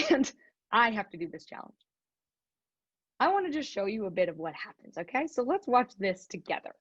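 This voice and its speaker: A woman giving a motivational talk, telling an animated story and laughing often as she speaks. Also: fairly high pitch, moderate pace, breathy edge, no room sound, dull audio.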